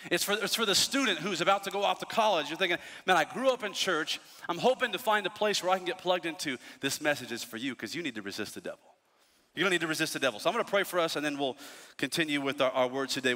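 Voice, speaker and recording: A pastor in his thirties preaches a sermon in a high, bright voice at a quick pace. His animated storytelling is sprinkled with playful, lively asides, and a long reverb from the large church hall carries his voice.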